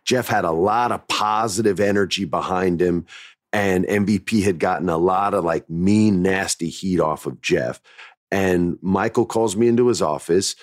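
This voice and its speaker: A man's voice: sits low, no room sound, studio quality. A man in his forties hosting a podcast, telling a story in a candid, reflective way and looping back to restart his thoughts. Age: 40s. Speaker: podcast host. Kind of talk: casual storytelling monologue.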